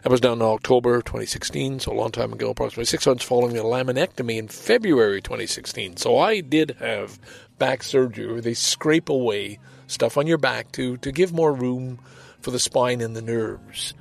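Older male solo podcaster, seventies, gravelly mid-pitched voice, rambling and self-deprecating. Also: brisk. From Canada. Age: 70s. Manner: rambling, self-deprecating, reads aloud and comments with chuckles. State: walks with a walker. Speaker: podcast host. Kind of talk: casual solo monologue.

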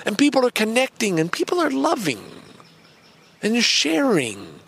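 A man's voice: extremely high pitch, wildly swooping pitch, measured pace, gravelly, fairly bright tone, husky. A middle-aged man hosting a podcast from a park bench, chatting in a rambling way and acting out both sides of an imagined conversation. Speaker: podcast host. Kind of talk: casual rambling monologue.

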